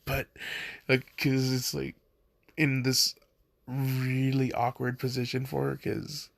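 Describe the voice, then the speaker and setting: A man's voice: mid-range voice, flat delivery, measured pace, vocal fry, fairly bright tone, no room sound. A young man casually retelling a fan story, rambling with lots of fillers and laughing at himself.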